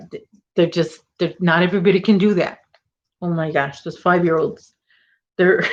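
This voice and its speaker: A woman's voice: lowish voice, muffled recording. A woman hosting a crochet livestream, chatting casually and rambling with viewers, full of "like" and "oh my gosh". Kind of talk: casual chat with live viewers.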